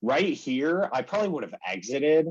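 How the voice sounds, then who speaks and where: A man's voice: mid-range voice, very animated, moderate pace, breathy edge, lo-fi sound. A young man casually walking through trading charts on his screen, chatty, peppering his talk with "like" and "okay" and acting out his own reactions. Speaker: day trading educator.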